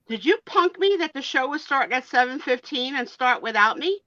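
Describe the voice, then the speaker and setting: A woman's voice: high-pitched, expressive, fairly quick, few pauses, no room sound, dull audio. A woman joining a live stream as a regular co-host, talking in a playful, teasing, theatrical way.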